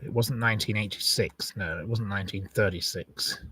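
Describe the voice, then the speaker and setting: A man's voice: fairly low pitch, moderate pace, bright, forceful tone, far from the mic, a little hiss or hum, low-quality recording. A man hosting a live quiz, chatting casually, rambling and reeling off long lists of wrong answers. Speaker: quiz host on a live stream.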